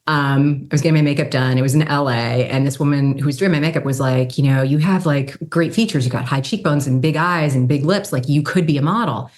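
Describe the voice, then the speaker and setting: A woman in her fifties with a low-pitched voice tells stories in a relaxed, chatty way. She keeps leaping up in pitch to act out the people she quotes. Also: brisk, few pauses. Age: 50s. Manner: animated, acts out quoted people with pitch jumps. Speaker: guest, brand strategy consultant and model. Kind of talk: casual storytelling in an interview.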